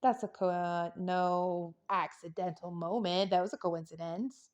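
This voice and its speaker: A woman's voice: lowish voice, steady tone, a little slow, few pauses, a little mellow, lo-fi sound. A woman giving a casual tarot reading, chatty and playful, rambling into jokes and silly sound effects. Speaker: tarot reader.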